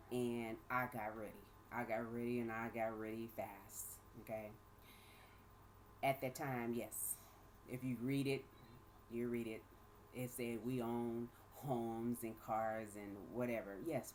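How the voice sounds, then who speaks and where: Her voice a rumbling low and a little slow, a woman tells her story in a casual vlog at home while her child is nearby. She animatedly acts out what others said in varied voices, laughs often, and checks in with "right?" and "okay?", over a slight hiss or hum.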